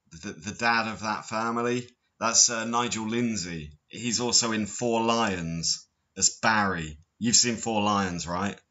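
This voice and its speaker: A man's voice: fairly low pitch, bright, forceful tone, highs cut off. A man hosting a casual chat, telling stories and dropping into silly impressions. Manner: chatty, storytelling with silly impressions.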